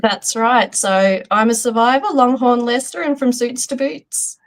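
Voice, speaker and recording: A woman's voice: a little high, fairly even intonation, measured pace, poor audio. A woman from Australia with an Australian accent, a university teacher calling in and giving brief, modest answers. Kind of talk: casual chat.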